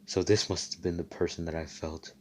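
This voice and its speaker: A man voicing an old male Wizard King who muses calmly to himself. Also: sits low, fairly quick. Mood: musing.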